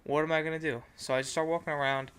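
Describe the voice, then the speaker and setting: A man's voice: a little high, little pitch movement, fast talker, fairly bright tone, clean tone. A young man telling a long travel story to his viewers, rambling and swearing, with lots of fillers. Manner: profane, rambling, frequent fillers. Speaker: vlogger. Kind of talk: casual storytelling rant.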